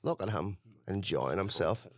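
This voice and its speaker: A man's voice: sits low, expressive, moderate pace, voice pushed down. An Irish man putting on a sour, judgemental young woman who mutters scornfully.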